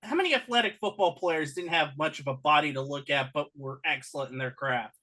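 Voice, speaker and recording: A podcast co-host in a casual wrestling chat, wry and teasing in quick back-and-forth. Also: mid-range voice, lively intonation, bright, forceful tone.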